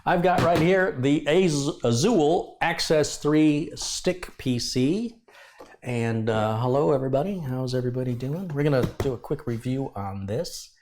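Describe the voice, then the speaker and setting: A man's voice: mid-range voice, measured pace, a little mellow, slight background noise. A middle-aged man from the US hosting a live tech review stream, chatting with viewers, greeting them by name and adding wry asides. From United States. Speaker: tech channel host.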